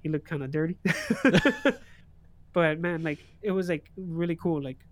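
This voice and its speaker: Young guy streamer, slightly higher voice, lively storyteller, laughs a lot. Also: measured pace. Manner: animated storyteller, laughs often. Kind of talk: casual chat.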